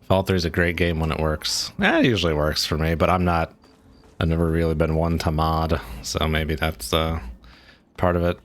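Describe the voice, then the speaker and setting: A man's voice: extremely low pitch, normal speed. A man streaming a game, giving casual, rambling commentary as he plays and thinks aloud.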